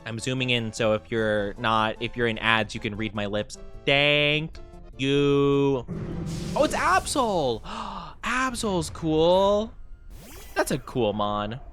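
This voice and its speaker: A playful male streamer chatting with his viewers while he plays a game. His voice swings up and down with animated, expressive pitch. Faint music plays in the background. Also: slow. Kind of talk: casual gaming stream chat.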